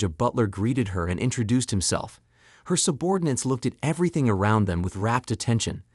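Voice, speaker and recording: A man reading a scripted story recap in an even, steady third-person telling. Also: medium pitch, no echo, studio quality. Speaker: recap narrator. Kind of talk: scripted narration.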